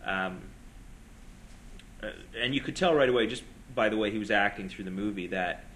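A man with a low voice debating films with friends. He argues in long, reasoned stretches over a faint background hiss. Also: moderate pace, a bit bright, rough recording. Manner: argumentative, talks in long reasoned runs. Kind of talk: casual film debate.

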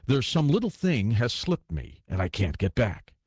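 A man's voice: mid-range voice, very animated, moderate pace, darkish tone, breathy edge, dry recording, studio quality. A man voicing a timid, awkward young male ghost who answers apologetically in an audiobook. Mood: meek, apologetic. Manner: apologetic, hesitant, deferential. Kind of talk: audiobook character voice.

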